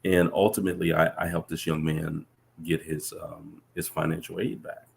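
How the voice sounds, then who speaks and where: Speaking as a guest, this professor shares thoughtful anecdotes in an easygoing chat, sincere though often starting over mid-thought. He has a deep, gravelly voice, an even tone, and a moderate pace.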